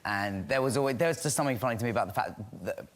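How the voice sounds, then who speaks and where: A man's voice: mid-range voice, very fast. A young English man in his twenties, a talk show guest chatting in a self-deprecating way with many fillers. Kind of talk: casual chat.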